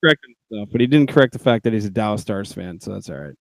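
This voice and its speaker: A man's voice: lowish voice, animated, rapid-fire, gravelly, dry recording. A man co-hosting a casual sports podcast, joking around and laughing often. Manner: laughing, joking, exclaims a lot. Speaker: podcast co-host. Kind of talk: casual chat, live podcast.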